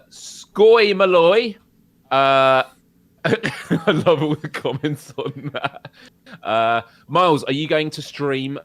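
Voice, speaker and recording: A British man with a lowish voice, co-hosting a live gaming podcast in relaxed, jokey chat. He laughs easily and rambles along, recorded close and dry on a podcast mic. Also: no echo. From United Kingdom. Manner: jokey, laughs often, chatty. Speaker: podcast co-host. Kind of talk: casual chat.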